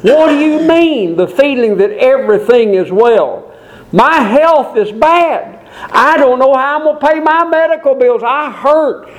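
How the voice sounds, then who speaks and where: A man's voice: very high voice, animated, measured pace, pitched above the performer's own voice, rough recording. A man voicing a troubled male churchgoer who complains, in disbelief, about his pain and his bills. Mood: incredulous. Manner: complaining, incredulous.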